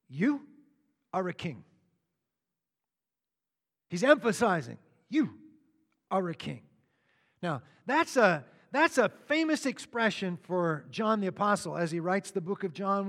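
A man's voice: high voice, a bit bright, in a large hall. A man preaching a sermon, walking through scripture verse by verse with conversational asides to the congregation. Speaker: pastor.

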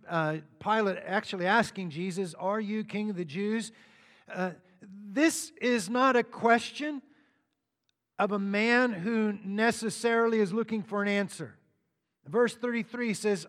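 A man's voice: high voice, a bit bright, in a large hall. A man preaching a sermon, walking through scripture verse by verse with conversational asides to the congregation. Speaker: pastor.

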